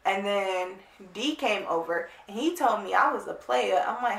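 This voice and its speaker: A woman vlogger telling a casual storytime, animated, blunt and emphatic. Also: medium pitch, a little slow, creaky. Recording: roomy, distant mic.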